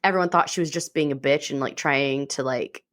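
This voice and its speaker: A woman's voice: sits low, fairly quick. A woman co-hosting a podcast, chatting casually and energetically as she retells a book's plot and swears freely. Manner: animated, swearing, retelling plots with quoted voices. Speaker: podcast co-host. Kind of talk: casual chat recommending books.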